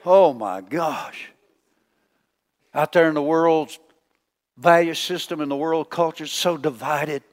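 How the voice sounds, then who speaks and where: A male pastor preaching a folksy, teasing sermon, swinging between loud calls and hushed asides. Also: a little high, flat delivery, moderate pace, in a large hall.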